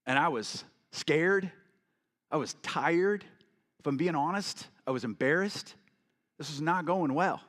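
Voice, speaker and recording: A man's voice: a little high, a bit bright. A man giving a motivational keynote talk, telling a personal story to the audience and acting out the voices of the people in it. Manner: storytelling, acts out quoted voices, addresses audience. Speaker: keynote speaker and coach. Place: large event hall with audience. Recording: long reverb of a large hall.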